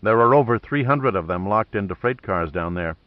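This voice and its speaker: A laconic male action hero who meets danger with dry understatement, voiced by a man reading aloud. He speaks low and unhurried, in a slightly muffled, dry studio recording. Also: lively intonation, no room sound, natural voice. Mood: wry calm. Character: cool wry male adventurer hero.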